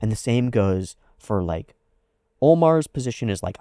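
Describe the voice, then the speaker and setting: A man's voice: on the low side, lively intonation, moderate pace, dark tone, clear, resonant tone, no room sound, studio quality. A man hosting an anime reaction, talking through a character's psychology in a thoughtful, analytical way with frequent "like"s. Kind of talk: casual reflective commentary.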